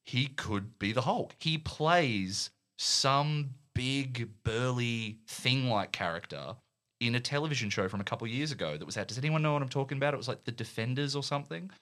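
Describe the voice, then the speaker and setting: A man co-hosting a casual film podcast, animated, laughing often and trailing off mid-sentence. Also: medium pitch, normal speed. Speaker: podcast co-host.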